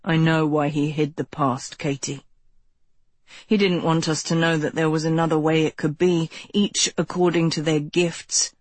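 A woman voicing a brooding, manipulative young man who preaches to a congregation, speaking low, intense and persuasive. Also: flat delivery, normal speed, no echo.

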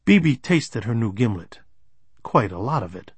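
A man's voice: mid-range voice, big pitch swings, normal speed, husky, dry recording. A man narrating a first-person crime novel in a dry, understated way. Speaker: audiobook narrator.

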